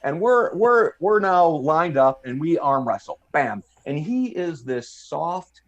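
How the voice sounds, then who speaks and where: A man's voice: fairly high pitch, very animated, slow pace, highs cut off. An American man in his fifties, a podcast guest telling a long story in casual talk, acting out the voices of people he quotes. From United States. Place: podcast studio.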